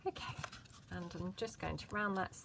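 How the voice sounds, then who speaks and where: A woman talks through a craft tutorial at home, chatty and self-deprecating. She mutters to herself while she works. Her voice sits a little low, with faint background noise. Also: moderate pace, gravelly. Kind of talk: casual craft tutorial narration.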